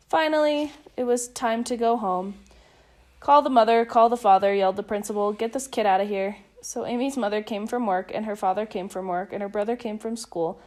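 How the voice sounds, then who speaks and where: Woman reading a kids book, expressive, voice on the high side. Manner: lively, expressive storytelling. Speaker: storybook reader. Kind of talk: children's picture book read-aloud.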